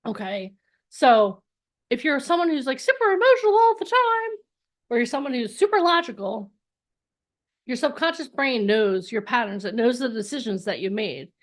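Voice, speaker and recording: A woman coaching an online workshop in a motivational talk, acting out little inner voices with big leaps in her voice. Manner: energetic, acts out inner voices with big pitch jumps. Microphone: online call.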